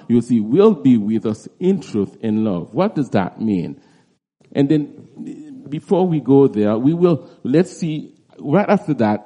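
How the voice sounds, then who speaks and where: A man preaching through a Bible passage in an expository teaching style, halting often and restarting his phrases. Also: mid-range voice, warm tone. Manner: halting, with frequent restarts and repeated words.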